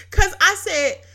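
A woman hosting a casual devotional talk, telling a story in an animated way with frequent laughter and emphatic repetition. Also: very high voice, vocal fry. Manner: emphatic, repeats key phrases. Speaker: podcast host.

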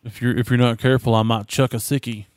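A man's voice: medium pitch, little pitch movement, fast, a little mellow, no echo. Big-voiced joking man, dry sound. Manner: jokey, explains slang with put-on Australian phrases. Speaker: podcast co-host. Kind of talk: casual chat.

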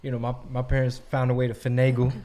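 Laid-back swearing podcast host. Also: male voice, medium pitch. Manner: relaxed, swears, quick backchannels. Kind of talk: casual podcast chat.

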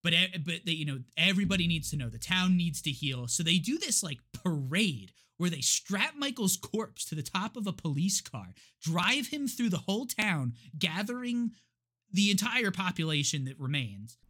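A man's voice: high-pitched, sing-song, moderate pace, bright, forceful tone. A man co-hosting a podcast, retelling a movie's plot in casual chat with lots of restarts and laughs. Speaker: podcast co-host.

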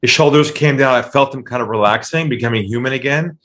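A man, a sales trainer being interviewed, telling stories and acting out phone calls in lively voices. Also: medium pitch, fast. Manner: animated, acts out calls in excited voices. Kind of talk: storytelling interview.

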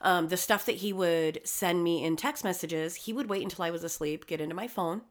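A woman swapping stories in casual chat, cursing freely. Her voice sits slightly low, and she jumps into lively impressions of other people mid-story. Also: brisk. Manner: profane, animated storytelling with acted-out quotes.

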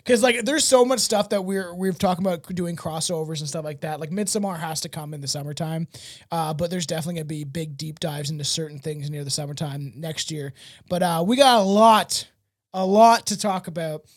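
A man's voice: on the high side, a little fast, no echo, studio quality. A man hosting a podcast, rambling casually with frequent laughs and swearing. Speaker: podcast host.

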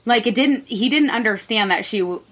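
A woman's voice: on the high side, lively intonation, moderate pace. A woman casually retelling a story to a co-host, leaning on lots of "like" fillers as she talks it through.

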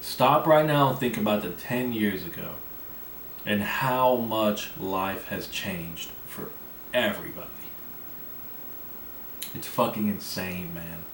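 A man's voice: fairly low pitch, slow pace, long pauses, a bit bright, recorded from a distance. A man hosting a podcast in a rambling, profane, conversational way, talking with a slight lisp. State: coughing. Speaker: podcast host. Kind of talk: casual solo podcast rant. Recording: roomy, off-mic, faint background noise.

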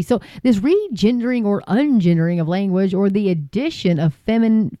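A woman's voice: medium pitch, warm tone, dry recording. A woman hosting a Christian commentary show, reading news aloud and breaking off with indignant asides. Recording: dull lo-fi sound.

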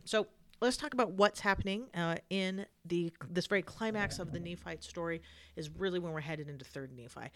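A woman hosting a casual scripture study podcast, sounding sleepy, chatty and repeating herself with many fillers. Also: deep voice. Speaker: podcast host.

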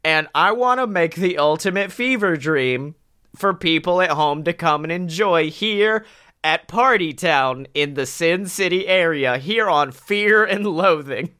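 A man on a podcast, telling a long comic story in a lively, laughing way and swearing freely. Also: on the high side, unhurried, clear, resonant tone. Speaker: podcast co-host. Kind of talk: casual comedic podcast chat.

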